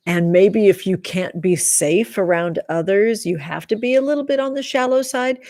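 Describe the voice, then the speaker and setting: A woman hosting a tarot live stream in casual chat, affectionately calling viewers honey and sweetie and sometimes dropping to a soft whisper. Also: lowish voice, no echo, clean studio sound. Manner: drops into soft whispers while reading comments.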